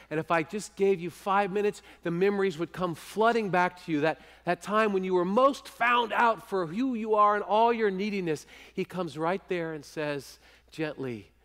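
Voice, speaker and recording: A male pastor preaching a sermon, earnest and often sinking into a hushed, intimate voice. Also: a little high, in a large hall. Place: church sanctuary.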